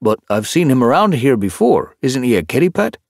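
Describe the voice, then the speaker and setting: A man's voice: mid-range voice, big pitch swings, fairly quick, gravelly, a little mellow, dry recording, clean studio sound, voice pushed up. A man voicing a cheerful, well-fed male house cat who is a bit smug, in an audiobook.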